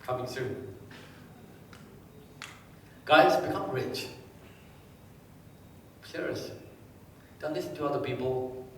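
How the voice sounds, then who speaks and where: A man giving a live seminar, quizzing the audience and telling anecdotes in a lively way. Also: mid-range voice, slow pace, pauses often, a little hiss or hum. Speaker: motivational speaker. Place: large hall with a live audience. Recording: echoey hall, distant mic.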